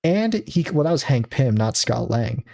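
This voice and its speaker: A man's voice: mid-range voice, sing-song, moderate pace, creaky, dark tone. A man co-hosting a casual podcast, rambling with frequent restarts and laughing at his own jokes. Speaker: podcast co-host. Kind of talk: casual chat.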